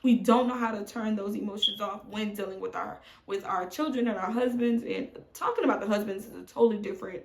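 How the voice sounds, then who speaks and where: A woman's voice: mid-range voice, brisk, vocal fry, hardly any pauses. A woman in her thirties, a mom vlogger, talking candidly and emotionally to camera from home, calling her viewers y'all. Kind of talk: candid confessional chat to camera. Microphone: phone on tripod. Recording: echoey room.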